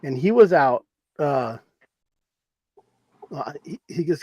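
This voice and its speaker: Rambling man from Arizona, slightly high. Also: lively intonation, slow pace, a little mellow, husky, dry recording, dull audio. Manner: rambling, repeats himself for emphasis. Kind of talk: casual storytelling chat.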